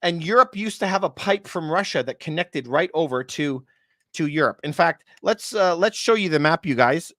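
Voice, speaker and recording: This man's voice is a little high and a bit bright, animated and at a moderate pace, recorded dry with studio quality. A real estate and market commentator, he explains the economy to viewers in a chatty monologue full of rhetorical questions, addressing them as "you guys." Now and then he laughs briefly at what strikes him as absurd.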